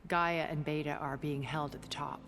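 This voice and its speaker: An actress playing a composed, aristocratic woman defector in a video game, speaking in measured, clipped, formal phrases. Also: sits low, fairly even intonation, fairly bright tone, in a large hall, a little hiss or hum. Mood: cool.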